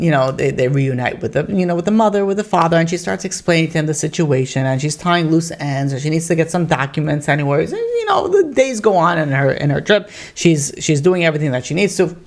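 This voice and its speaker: A man's voice: big pitch swings, brisk. A man who is a rabbi, telling a story in a sermon in a loose, conversational way, with plenty of "you know" and "like" asides. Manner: gets louder and higher when quoting the story's characters.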